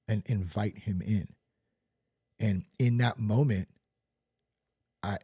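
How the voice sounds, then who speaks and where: A man's voice: fairly low pitch, dark tone, husky, no room sound, studio quality. A man hosting a podcast, sharing a personal recovery story in an earnest way and repeating phrases for emphasis. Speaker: podcast host.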